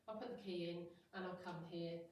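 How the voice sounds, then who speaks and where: A woman's voice: fairly low pitch, fairly even intonation, fairly quick, darkish tone, slight background noise. Brief: middle-aged woman, hypnotherapist at a meeting, chatty, acts out examples; heavy room echo, distant mic. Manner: chatty, acts out little scenes in quoted voices. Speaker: hypnotherapist giving a talk. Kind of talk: informal talk to an audience. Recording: very echoey room, voice far from mic.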